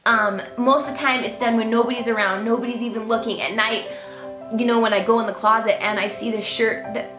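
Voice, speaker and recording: A woman's voice: on the high side, steady tone, a little fast, music in the background. A woman talking to camera in an earnest, emotional, sincere way. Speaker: beauty vlogger. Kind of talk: heartfelt personal talk to camera. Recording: echoey room.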